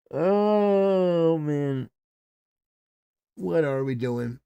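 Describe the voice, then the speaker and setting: A man's voice: on the high side, lively intonation, drawn-out words, gravelly, long pauses, warm tone, smooth, dry recording, studio quality. A man hosting a political commentary livestream, talking casually with rambling, stammering restarts and swings from mumbling to emphatic.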